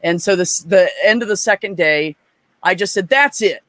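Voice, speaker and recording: A woman telling profane, animated stories in a casual chat as a guest. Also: fairly low pitch, normal speed, no room sound.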